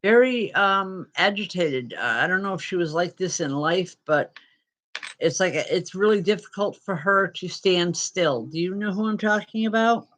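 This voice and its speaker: Giving spirit readings to viewers of her live stream, this female medium has a fairly low pitch and an animated delivery. She remains gentle and reassuring, pausing and using fillers, though the audio is poor.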